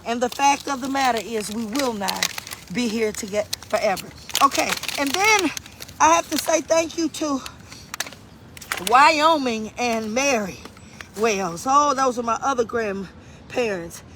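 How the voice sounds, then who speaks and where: A woman's voice: a little high, measured pace, noisy background. A middle-aged woman hosting a casual live stream from her garden, greeting viewers by name and repeating her points like a preacher. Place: outdoors in a garden.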